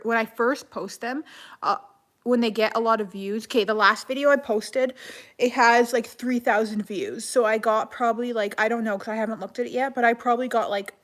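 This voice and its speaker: A woman from Canada, chatting casually on a live stream and answering viewer comments, with lots of "like" and quick self-corrections. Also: fairly high pitch, fairly bright tone. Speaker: livestreamer reading comments.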